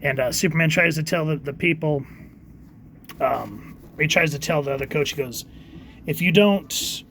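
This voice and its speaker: Man, comic reviewer, casual and chatty, slightly high voice, faint noise behind. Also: steady tone, creaky, fairly bright tone. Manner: reads quoted lines in quick put-on voices, halting with fillers. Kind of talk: casual review, reading panels aloud.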